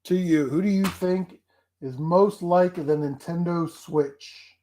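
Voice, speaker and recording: A man's voice: high voice, slow, dark tone, a little hiss or hum. A man hosting a casual live stream, rambling and laughing often. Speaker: streamer host.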